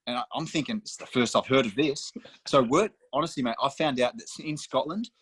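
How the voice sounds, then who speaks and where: A man's voice: medium pitch, fairly quick, fairly bright tone, husky. A young man from Australia, a footballer guest on a podcast, telling stories casually, swearing freely and calling the host mate. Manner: swears freely, storytelling, says mate often.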